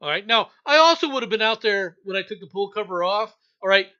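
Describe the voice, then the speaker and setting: Laughing, bright-voiced man reading the news. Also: sits high, animated, a little fast, clear, resonant tone. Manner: laughs often, wry asides, mock quotes. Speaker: podcast host reading news stories. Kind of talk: casual news commentary. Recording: dull lo-fi sound.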